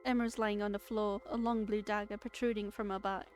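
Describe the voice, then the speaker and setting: A woman streaming, reading a story game aloud and reacting with jokes and loud outbursts. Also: medium pitch, brisk, faint music behind. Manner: animated, joking, bursts into loud outbursts and laughter.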